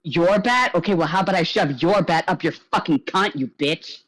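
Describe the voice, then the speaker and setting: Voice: mid-range voice, moderate pace, a bit bright, pitched above the performer's own voice, close to an everyday voice. A game master voicing a hot-tempered young woman who snaps back with curses and threats in a tabletop game. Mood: hostile. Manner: snapping, cursing, hostile.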